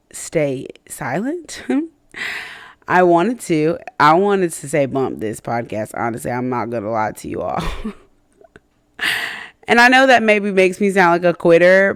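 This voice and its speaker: The host of a personal faith podcast reflects openly, often restarting, using fillers and laughing self-consciously between ideas. Her low-pitched voice has a clean tone, captured as a dry recording with clean studio sound.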